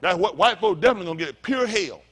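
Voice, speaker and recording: High-voiced fiery preacher man. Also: expressive, rapid-fire, a bit bright. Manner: impassioned, blunt and profane, with call-and-response asides. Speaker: pastor. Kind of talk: fiery sermon.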